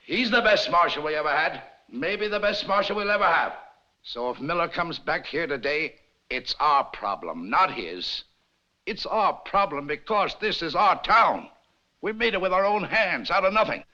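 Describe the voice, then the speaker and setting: A persuasive town leader. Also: male voice, on the high side, very animated, sharp tone, full character voice. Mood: earnest. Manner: measured, swelling speechmaking. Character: earnest persuasive male town leader, middle-aged. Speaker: townsman addressing a church meeting. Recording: lo-fi 1950s film soundtrack.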